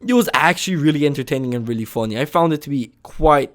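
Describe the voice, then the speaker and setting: A young man giving a casual opinion rant as a vlogger, moving between calm, mumbled stretches and sudden loud, high bursts of yelling, and swearing freely. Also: fast. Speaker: vlogger reviewing a TV show.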